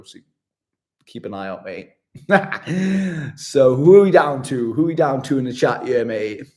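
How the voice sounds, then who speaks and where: A man's voice: mid-range voice, a little mellow. A man, chatting casually with viewers on a live travel stream, upbeat and chummy, calling them mate. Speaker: travel vlogger. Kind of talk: casual livestream chat with viewers.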